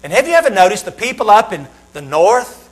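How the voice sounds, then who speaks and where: A man with a Southern American accent preaching a sermon, asking his listeners questions and pausing for effect. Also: sits high, big pitch swings. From Southern United States. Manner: rhetorical questions with dramatic pauses.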